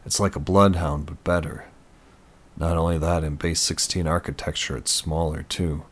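A man voicing a calm, matter-of-fact male hacker explaining technical things offhandedly. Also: rumbling low, normal speed, breathy edge, heavily acted.

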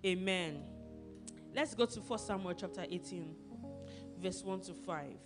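A woman pastor giving an animated sermon, asking her listeners questions and acting out couples arguing. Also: on the low side, measured pace, over loud music. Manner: animated, acts out quarrels and asks the congregation questions.

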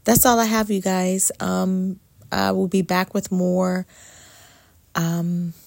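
A woman coaching on faith and abundance in a soft, meditative way, often dropping to a whisper for emphasis. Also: on the low side, flat delivery, takes it slowly, vocal fry, no echo, studio quality. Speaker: spiritual life coach. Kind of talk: slow reflective faith talk to camera.

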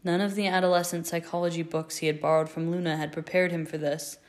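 Low-voiced woman reading a story aloud. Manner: measured, expressive reading. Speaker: fan fiction reader. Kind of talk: scripted storybook narration.

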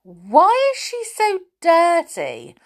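A woman voicing a deaf, cheerful little man covered in clanking saucepans, who speaks loudly and mishears everything. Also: huge pitch swings, drawn-out words, exaggerated voice. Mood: indignant. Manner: loud, high, mishears everything.

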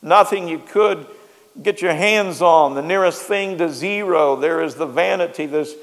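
Male pastor preaching sunday sermon, goes soft then loud, big church reverb. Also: a little high, a little slow. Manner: repeats phrases for emphasis, swings between soft and loud. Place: church sanctuary. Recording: long hall reverb.

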